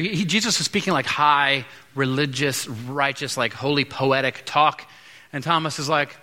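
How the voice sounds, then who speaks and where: A man preaching a sermon as pastor, conversational, acting out quick asides between points. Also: fairly high pitch, pushed and bright. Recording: long hall reverb.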